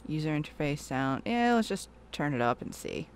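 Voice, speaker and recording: A woman's voice: sits low, sing-song, normal speed, clear, resonant tone. A woman hosting a casual game livestream, chatting with viewers, giggling often and telling jokes. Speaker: streamer host.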